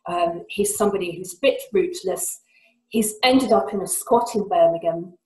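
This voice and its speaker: Woman reading her novel, echoey room. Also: moderate pace. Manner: lively reading, voicing shouted lines with big pitch jumps. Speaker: author giving a reading. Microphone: video call.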